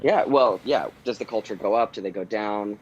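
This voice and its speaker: Low-voiced guy rambling casually in an interview, lots of ums, kinda muffled audio. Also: moderate pace, a little hiss or hum. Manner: relaxed, rambling, many "um"s and restarts. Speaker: voice actor guest. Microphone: home recording booth.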